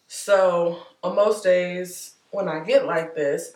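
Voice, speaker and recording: A woman vlogger talking candidly and warmly to her viewers, chatty and heartfelt, calling them y'all. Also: fairly low pitch, fairly even intonation, slow pace, few pauses, roomy sound, recorded from a distance. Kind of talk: candid personal vlog talk.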